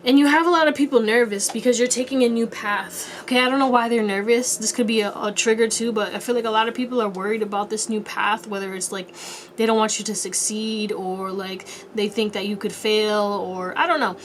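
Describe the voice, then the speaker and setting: A woman's voice: medium pitch, steady tone, fairly quick, slight background noise. A young woman giving a casual pick-a-card tarot reading, chatty and rambling, with playful asides. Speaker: tarot reader.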